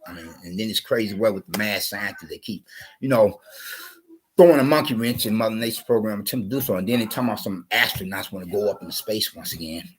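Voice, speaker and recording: A man's voice: on the low side, fast, breathy edge, poor audio. A man with a cough telling a rambling, digressive story on his channel, often repeating himself. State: coughing, under the weather. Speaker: channel host.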